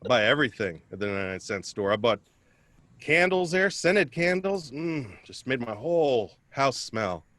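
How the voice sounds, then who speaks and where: A male stand-up comedian doing a set over a video call, his voice dry and close on the mic. He talks in a mid pitch with a lot of rise and fall, self-mocking, and he banters with viewers between jokes. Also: big pitch swings, normal speed, fairly bright tone, dry recording. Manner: self-deprecating, chatty crowd work.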